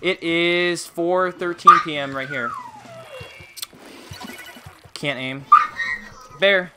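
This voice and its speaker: A man streaming a game live, chatting casually with viewers and teammates, excitable and humming along. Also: sits high, very slow, heavy background noise. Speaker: gaming streamer.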